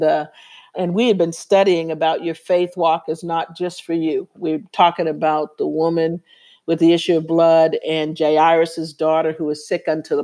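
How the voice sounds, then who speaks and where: A woman's voice: low voice, warm tone. A woman guest in an interview giving a personal testimony, telling her story earnestly and acting out the dialogue she quotes. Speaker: interview guest, women's Bible study leader.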